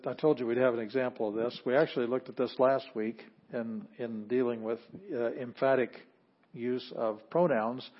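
A man's voice: medium pitch, muffled recording. A man teaching an introductory Greek class, explaining step by step and often restarting his phrases. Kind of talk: classroom lecture.

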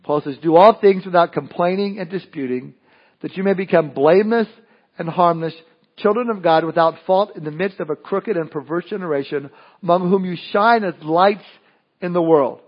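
A man's voice: high voice, normal speed, dull audio. A male pastor preaching a sermon in a conversational way, often restarting and adding asides.

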